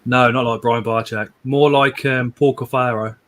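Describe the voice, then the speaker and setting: Guy chatting on his home live stream, mid-pitched voice, keeps repeating himself, reads comments out. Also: steady tone, moderate pace, a bit bright. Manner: rambling, repeats words, chuckles often. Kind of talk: casual chat, reading out viewer comments.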